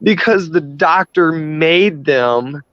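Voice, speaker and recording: A man's voice: on the high side, slow, dry recording. A man in casual chat, talking in a profane, worked-up rant. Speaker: podcast host. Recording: dry, dull lo-fi sound.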